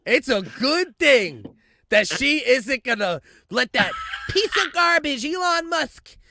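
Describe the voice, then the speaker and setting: Profane, animated man in crude banter. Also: very high voice, slow, creaky, no room sound. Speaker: podcast co-host.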